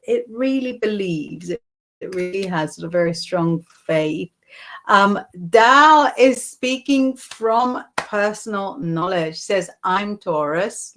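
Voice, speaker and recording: A woman hosting a live tarot stream, talking through the cards at an unhurried pace with frequent ums and reading viewers' comments aloud. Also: on the low side, creaky. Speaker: psychic and tarot host.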